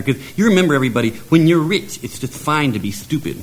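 A playful male storyteller spinning a silly fairy tale in deliberately broken grammar. His voice sits a bit high and swoops animatedly, with frequent chuckles. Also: animated. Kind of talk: comic oral storytelling.

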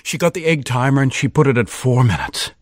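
A man telling a children's story aloud, lively, with sound effects and cheers. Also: medium pitch, fairly quick, no room sound, clean studio sound. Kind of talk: animated oral storytelling.

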